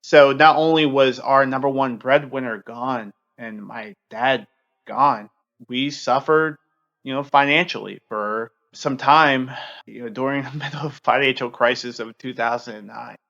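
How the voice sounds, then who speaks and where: A man in his thirties hosting a podcast, telling a personal story in an earnest, open way, halting and full of fillers. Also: mid-range voice, vocal fry, fairly bright tone, muffled recording. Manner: halting, heavy use of fillers. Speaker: podcast host.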